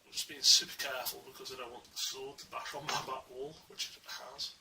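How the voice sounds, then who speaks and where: This at-home review of a collectible statue comes from a man whose medium-pitched voice stays level and moves a little fast. He's casual and enthusiastic, rambling with plenty of fillers. A small camera mic records him from a distance, leaving a faint hiss.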